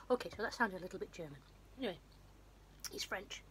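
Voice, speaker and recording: A woman's voice: mid-range voice, expressive, fast, long pauses, a little hiss or hum. Rambling woman recapping a film. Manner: rambling, self-deprecating, with restarts. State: runny nose. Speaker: vlogger.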